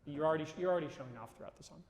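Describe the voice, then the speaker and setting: A man coaching a singer in a live masterclass, casual and animated, breaking into sung phrases to show what he means. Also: on the high side, racing. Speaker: voice teacher leading a masterclass. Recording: roomy hall reverb.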